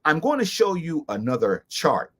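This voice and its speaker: A man hosting a commentary show, speaking in a preacherly, emphatic way to his viewers and slowly repeating key lines. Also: on the high side, very animated. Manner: preacherly, addressing viewers as "beautiful people" and "brothers and sisters". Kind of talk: talk-show monologue with charts.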